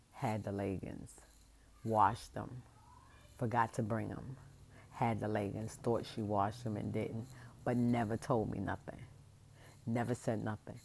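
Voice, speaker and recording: A woman's voice: very deep voice, vocal fry, darkish tone. A woman and parent venting to the camera in a casual vlog rant, speaking in a passionate, emphatic, rambling way.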